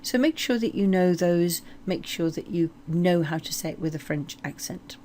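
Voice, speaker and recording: A woman teaching French place names, slowly modeling each word. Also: lowish voice, darkish tone, a little hiss or hum. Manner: slow, deliberate modeling of French words. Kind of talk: explanatory language lesson.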